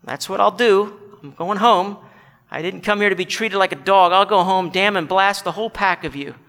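Indignant male ghost put on by a preacher, high gravelly voice, echoing hall. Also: moderate pace, bright, forceful tone. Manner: grumbling, insistent, aggrieved. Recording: long hall reverb.

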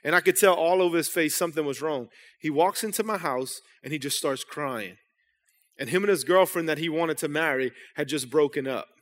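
A young man preaches a sermon, talking as if to friends and often restarting his sentences. His voice sits fairly high for a man. The sanctuary gives it a long trailing reverb. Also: fairly quick. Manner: storytelling, conversational with repeated restarts. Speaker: pastor. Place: church sanctuary. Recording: long hall reverb in church.

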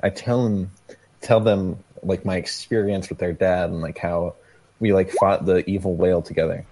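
Laid-back low-voiced male player. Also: steady tone, moderate pace, dark tone, low-quality recording. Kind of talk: casual tabletop role-play.

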